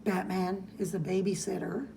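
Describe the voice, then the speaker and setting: A woman's voice: mid-range voice, flat delivery, moderate pace, creaky, noisy background. A woman co-hosting a podcast, chatting casually as she recaps a comic and reads its dialogue in playful voices. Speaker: podcast co-host.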